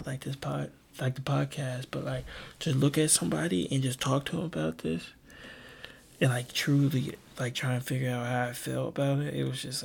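A young man hosting a personal podcast, talking in a subdued, halting way with lots of fillers, restarts and casual slang. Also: gravelly, a little hiss or hum. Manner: subdued, low-key delivery. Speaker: podcast host.

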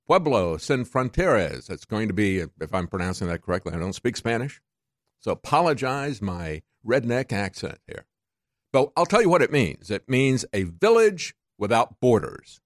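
A man's voice: medium pitch, very animated, normal speed, dry recording, studio quality. A man hosting a talk radio show, delivering a combative, sarcastic monologue that keeps climbing to indignant peaks.

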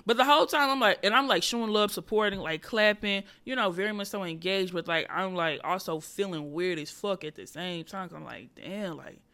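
Bright-voiced woman comedian, animated. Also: mid-range voice, brisk, hardly any pauses. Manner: animated, profane, confessional. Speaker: comedian and podcast host. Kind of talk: casual storytelling monologue.

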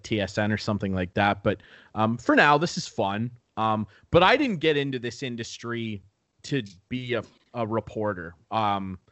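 Swearing, animated young broadcaster man. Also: mid-range voice, no echo. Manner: loose, swearing, animated storytelling. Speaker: local sports broadcaster. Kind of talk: casual podcast chat.

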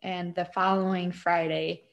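A woman's voice: on the low side, flat delivery, unhurried, creaky, lo-fi sound. A young woman with a Wisconsin accent tells a story in an easy, chatty way. She leans on fillers and giggles often as she talks. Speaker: guest. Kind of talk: casual storytelling.

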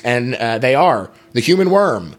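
A man's voice: medium pitch, very animated, unhurried. Upbeat man recapping a film. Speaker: podcast host. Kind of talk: casual movie chat.

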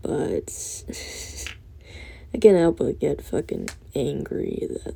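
A drowsy young woman ranting late at night, rambling and swearing with soft laughs breaking in. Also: deep voice, steady tone, measured pace, creaky. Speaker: vlogger.

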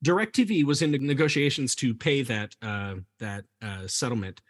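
A man's voice: mid-range voice, measured pace. A man hosting a comedy podcast who reads researched facts aloud and laughs easily. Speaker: podcast host presenting the story.

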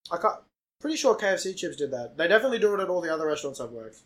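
A man's voice: fairly high pitch, sing-song, racing, fairly bright tone. A man with an Australian accent, co-hosting a podcast in casual banter among friends, blunt and swearing freely as he tells stories. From Townsville, Australia. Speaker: podcast co-host.

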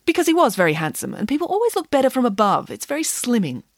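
A woman's voice: fairly high pitch, huge pitch swings, quick pace, no echo, studio quality. A woman narrating a children's story in a playful, dramatic way. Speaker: audiobook narrator. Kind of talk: expressive scripted narration.

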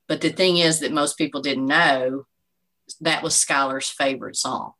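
A bereaved mother in her forties, appearing as an interview guest, gives an earnest, faith-filled personal testimony, often saying "you know." Her low voice is pushed and bright at normal speed, and the recording is low quality.

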